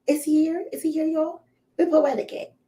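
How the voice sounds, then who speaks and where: A woman with a Philadelphia accent hosts a playful, casual interview in a high, mellow voice with fairly even intonation at normal speed. She comes across as bubbly and teasing, using lots of slang.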